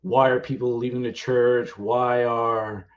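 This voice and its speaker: A man retelling the story of his book in a casual, rambling way, with many fillers. The voice sits at an ordinary middle pitch. The sound is dull and lo-fi, like stream audio. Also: flat delivery, a little slow. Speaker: author. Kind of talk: live stream book talk.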